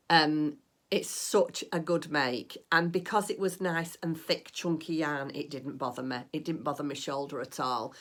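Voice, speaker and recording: Chatty low-voiced woman vlogger. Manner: chatty, rambling, gushing with delight. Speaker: crafting vlogger. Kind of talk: casual chat.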